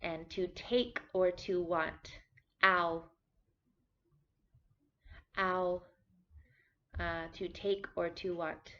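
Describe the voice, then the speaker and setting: Woman, low-voiced teacher, slow deliberate delivery, repeats words, dull lo-fi recording. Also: steady tone. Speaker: language teacher. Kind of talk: vocabulary lesson. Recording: dull lo-fi sound.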